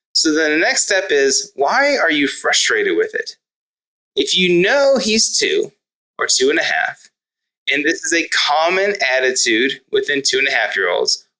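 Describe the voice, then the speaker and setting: Guest: thirties man, bright forceful tone, reflective parenting coach, casual podcast talk. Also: mid-range voice, rough recording. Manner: earnest and reflective, with self-corrections. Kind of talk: conversational podcast interview.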